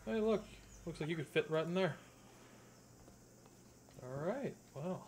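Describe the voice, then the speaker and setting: A man's voice: fairly high pitch, lively intonation, measured pace, a little mellow, a little hiss or hum. A man playing a video game with laid-back, short comments and a casual sign-off to viewers. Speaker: gaming channel host.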